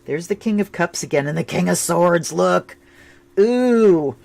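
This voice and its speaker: A woman doing a casual tarot and astrology reading, chatty and rambling, with sudden bursts of excitement. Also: fairly low pitch, brisk, creaky.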